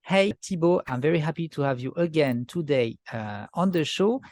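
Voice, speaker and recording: Male podcast host, somewhat high voice, dry room, friendly. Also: lively intonation, normal speed, a little mellow, no echo. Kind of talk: interview host introduction and questions.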